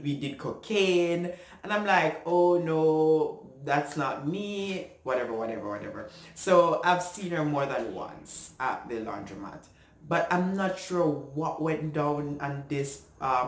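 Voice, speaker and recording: A man from Jamaica with a Jamaican accent, telling a personal story in an earnest, animated way. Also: mid-range voice. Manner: earnest, animated, slips into patois when upset. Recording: echoey room.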